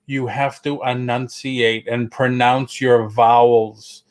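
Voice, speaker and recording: A man from Boston talks in a loose, chatty way on a casual live stream, his accent plain in every vowel. His voice sits at an everyday middle pitch, and he keeps the stories rolling. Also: flat delivery, slow pace. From Boston area. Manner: chatty, storytelling, slips into quoted voices. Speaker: co-host.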